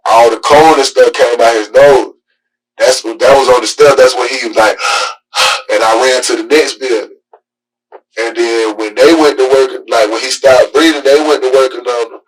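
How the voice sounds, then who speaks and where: Husky father in a police interview, heard from far off in the room, rambling and halting. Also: mid-range voice, steady tone.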